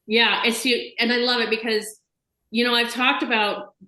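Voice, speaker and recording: A woman's voice: on the high side, level tone, normal speed, sharp tone, reverberant, low-quality recording. A woman hosting a casual video chat interview, chatty and enthusiastic, talking in long run-on bursts over a video call. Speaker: host.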